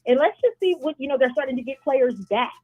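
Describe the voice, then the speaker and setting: A woman with a fairly high voice talks as a sports reporter on a radio show. She chats loosely, with plenty of "um" and "you know". Her voice comes through a dull, lo-fi remote line. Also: quick pace. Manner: chatty, with many fillers. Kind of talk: casual radio interview.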